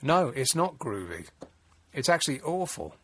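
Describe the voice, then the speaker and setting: A man's voice: medium pitch, big pitch swings, normal speed, slightly rough, no echo. A man hosting a late-night radio phone-in, wry and exasperated, rambling with frequent restarts. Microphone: studio mic.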